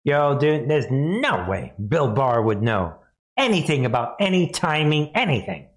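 A man's voice: fairly high pitch, big pitch swings, a little slow. Mocking male commentary host. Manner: mocking, laughing often, addresses viewers. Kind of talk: live news commentary.

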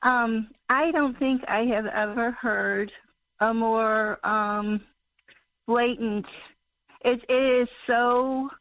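A woman's voice: a little high, steady tone, a bit bright, no echo. Emotional woman in her sixties calling in. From Missouri. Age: 60s. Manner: halting, broken sentences. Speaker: caller. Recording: muffled phone line.

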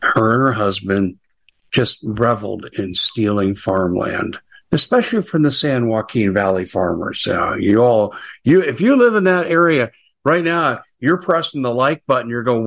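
A man's voice: mid-range voice, lively intonation, normal speed, gravelly, a bit bright. A middle-aged American man hosting a casual political commentary show, chatty and sarcastic with frequent asides.

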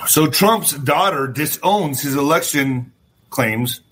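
A middle-aged man hosting a livestream, ranting about politics in a profane, animated way, talking straight to his viewers and acting out little scenes in voices. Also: fairly high pitch, takes it slowly, noisy background. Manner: talks to viewers directly, asks for thumbs up. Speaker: political commentary host.

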